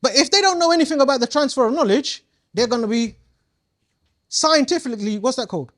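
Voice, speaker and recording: A man's voice: very high-pitched, expressive, fairly quick, fairly bright tone. A man leading a live coaching workshop, playful and slangy, quizzing his audience as he goes. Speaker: community coaching trainer.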